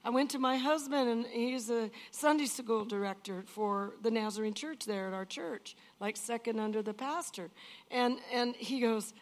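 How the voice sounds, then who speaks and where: A woman's voice: on the high side, normal speed. An older woman giving an emotional personal testimony in an earnest, emphatic way, often repeating phrases.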